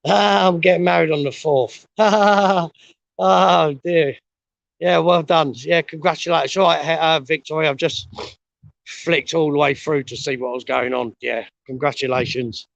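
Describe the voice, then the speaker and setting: A man's voice: on the high side, steady tone, unhurried, vocal fry, no echo, lo-fi sound. A middle-aged man out of breath, talking casually and bluntly with lots of swearing while walking up a steep hill outdoors, recorded on a handheld phone. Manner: blunt, swears a lot, rambling. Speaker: vlogger.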